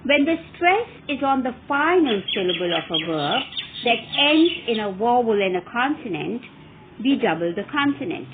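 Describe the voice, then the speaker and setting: A woman teaching English verb forms in a careful, deliberate way, stressing each example word. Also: on the high side, sing-song. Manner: clear, careful enunciation with rising emphasis on examples. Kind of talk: slow, deliberate grammar lesson. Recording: phone-like narrow audio with faint hiss.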